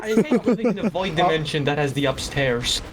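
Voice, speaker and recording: A man's voice: on the high side, lively intonation, a little fast, a loud crowd. A man streaming a video game, chatting casually with playful, mock-dramatic outbursts. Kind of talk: casual gaming chat. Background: game music.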